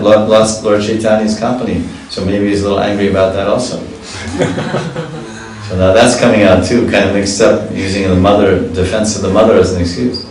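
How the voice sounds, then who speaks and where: A man's voice: on the low side, a little mellow, a little hiss or hum. Man teaching scripture in an echoey hall. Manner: reads verses, then explains them in a chatty way with chuckles. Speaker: spiritual teacher. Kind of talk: scripture reading class. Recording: echoey hall, distant mic.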